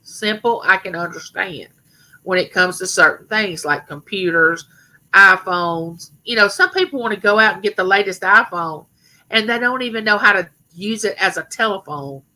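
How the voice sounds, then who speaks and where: A middle-aged woman with a rough voice, rambling chattily to her viewers as host of a live stream. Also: mid-range voice, normal speed, bright, forceful tone, low-quality recording. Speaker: livestream host. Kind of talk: casual live stream chat.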